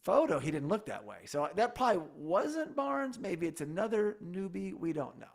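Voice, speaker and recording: Gravelly man chatting on a podcast. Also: high voice, moderate pace. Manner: animated, self-correcting, enthusiastic. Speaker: podcast co-host. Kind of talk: casual podcast chat.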